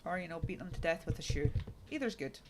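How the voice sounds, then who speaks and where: A woman's voice: on the low side, animated, fast, gravelly. A woman in her thirties streaming a game, chatting casually and frankly with lots of fillers. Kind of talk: casual chat while gaming. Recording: noisy, keyboard clicks behind.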